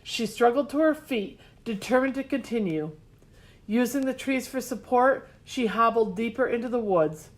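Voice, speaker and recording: A woman's voice: on the high side, animated, normal speed. Woman narrator reading a storybook. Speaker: audiobook narrator. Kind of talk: scripted narration.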